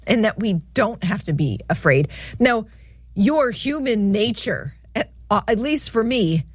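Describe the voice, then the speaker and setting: A woman co-hosts a casual faith talk show in a somewhat high voice. She talks in a conversational way and retells anecdotes easily. The sound is dry and close. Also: animated, measured pace, breathy edge, no echo. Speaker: co-host.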